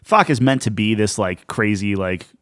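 Young male co-host, lowish voice, casual and filler-heavy, dry room. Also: animated, moderate pace, a bit bright, dry recording. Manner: loose, filler-heavy, lots of "like". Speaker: podcast co-host. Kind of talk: casual chat.

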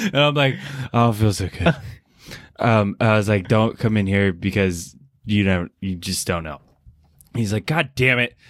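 A man's voice: lowish voice, fairly bright tone, dry recording, studio quality. A man on a podcast, rambling through a swear-filled story and acting out his family's lines. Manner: rambling, swears often, acts out family members. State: recovering from a cold. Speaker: podcast co-host. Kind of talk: casual storytelling chat.

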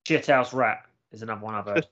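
A man's voice: fairly low pitch, fast, a bit bright. Sweary sarcastic man. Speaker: podcast co-host. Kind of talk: casual chat. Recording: dull lo-fi sound.

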